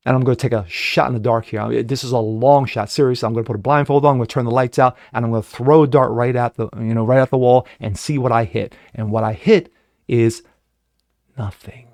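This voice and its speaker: A man's voice: medium pitch, no room sound. Angry man ranting in a dry room. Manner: profane ranting, swings from shouting to muttering; mocking put-on voices when quoting others. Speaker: host. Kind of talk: angry political commentary.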